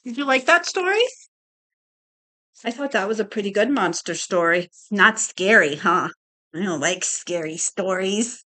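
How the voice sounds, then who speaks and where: Slow, lively woman reading a picture book. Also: medium pitch. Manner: slow, expressive, doing voices and pointing out pictures. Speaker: storyteller reading to a child. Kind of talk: picture book read-aloud.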